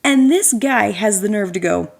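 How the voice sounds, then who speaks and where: A woman's voice: medium pitch, moderate pace, gravelly. Sarcastic woman ranting on a podcast. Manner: animated, sarcastic, many fillers. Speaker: podcast host. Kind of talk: casual storytelling rant.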